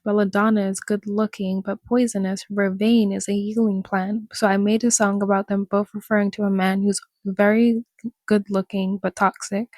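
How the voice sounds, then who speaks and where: A woman's voice: medium pitch, a little mellow, no room sound. A woman vlogger in casual commentary, reading an article aloud and mocking it, laughing often and talking to her viewers.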